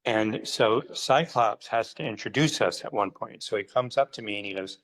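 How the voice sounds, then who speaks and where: A man telling lively anecdotes in a casual interview, acting out the people in his stories. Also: lowish voice, dry recording, rough recording. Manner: animated anecdotes with quoted voices, quick asides. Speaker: interview guest, comics writer. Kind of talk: casual storytelling.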